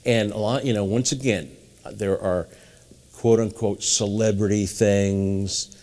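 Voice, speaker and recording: A man's voice: lowish voice, steady tone, a little slow, darkish tone. A man from New England, a guest mentalist in an interview, telling long rambling anecdotes and acting out the voices of people in them. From New England, USA. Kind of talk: storytelling interview.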